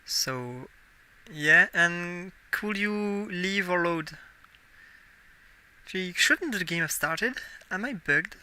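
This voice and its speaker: Speaking very slowly, this high-pitched young man lets his expressive, bright voice carry a forceful yet smooth edge. He's a native French speaker in his twenties with a French accent, thinking out loud and fixing his own words while playing on a casual live game stream.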